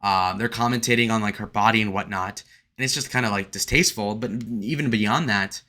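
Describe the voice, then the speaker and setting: A man's voice: mid-range voice, sharp tone. A young man giving an indignant, rambling solo review, full of restarts and fillers. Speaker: video reviewer. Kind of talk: opinionated solo commentary.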